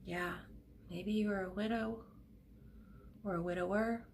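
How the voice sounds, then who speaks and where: Middle-aged woman, tarot card reader, soft and soothing, low gravelly voice, faint hiss behind her. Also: steady tone. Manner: gentle, emotional, soothing, speaks slowly with soft pauses. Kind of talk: pick-a-card tarot reading. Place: home room at a desk.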